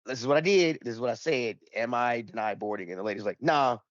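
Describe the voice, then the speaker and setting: A man's voice: mid-range voice, fast, dry recording, highs cut off. A man in casual podcast chat, telling a rambling, profane anecdote and acting out the dialogue in it. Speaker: podcast panelist.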